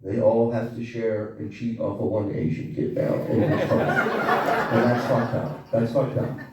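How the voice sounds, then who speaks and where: A man doing a stand-up comedy set on a club stage, telling profane, animated stories with asides to the crowd. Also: medium pitch, a little slow, background noise. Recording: echoey club audio from far off. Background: small audience laughing.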